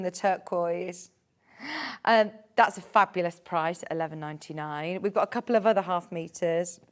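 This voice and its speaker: A woman presenting fabrics on live shopping television, chatty and bubbly, laughing often. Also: mid-range voice.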